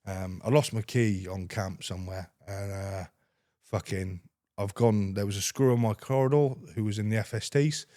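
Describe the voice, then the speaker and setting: A man's voice: lowish voice, moderate pace, dry recording, studio quality. A young British man, a former soldier, recounting army stories casually with heavy swearing and quoted dialogue. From United Kingdom. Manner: swears heavily, animated retelling with quoted dialogue. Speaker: podcast guest, former soldier. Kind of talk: casual storytelling.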